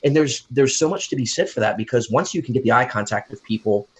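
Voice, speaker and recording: A man's voice: medium pitch, fast talker, low-quality recording. A man from the United States, a wedding DJ and emcee, chatting in a friendly, storytelling way as a guest. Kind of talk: casual interview chat.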